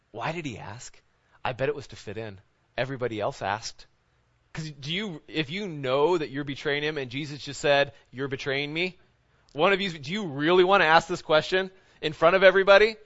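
Delivering a sermon, this male pastor keeps posing rhetorical questions with a recurring "right?" His intensity shifts from loud emphasis down to something quiet and low. The audio sounds dull and lo-fi.

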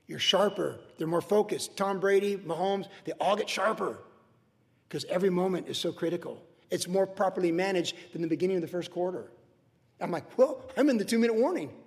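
Emotional high-voiced older pastor preaching. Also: male voice, brisk, gravelly, in a large hall. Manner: emotional, earnest preaching with swings from soft to loud. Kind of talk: sermon. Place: church sanctuary.

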